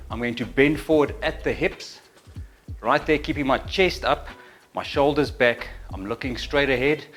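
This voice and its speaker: A middle-aged man leads a home workout, counting reps and talking through each movement with audible breaths between counts. His voice sits at an ordinary middle pitch, slightly winded as he works. Faint music plays underneath. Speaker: fitness instructor. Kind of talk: exercise demonstration with counting.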